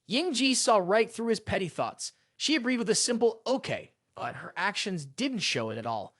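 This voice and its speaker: A narrator reading a scripted story recap in a brisk, expressive way. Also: mid-range voice, no echo, clean studio sound.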